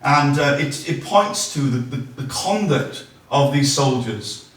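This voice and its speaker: A man's voice: mid-range voice, animated, takes it slowly, fairly bright tone. A man giving a conversational public history talk, reading quotations aloud between ums and restarts. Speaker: local history speaker. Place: large echoey room, speaking to an audience. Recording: echoey room from a distance.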